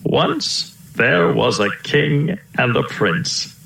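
A man voicing a gentle, creaky old uncle elephant in a storybook, slow and sighing. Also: medium pitch, animated, full character voice. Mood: contented, tired. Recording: roomy echo.

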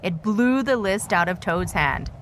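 Woman slowly reading a children's story. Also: mid-range voice, animated, slight background noise. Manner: slow, measured, gentle read-aloud.

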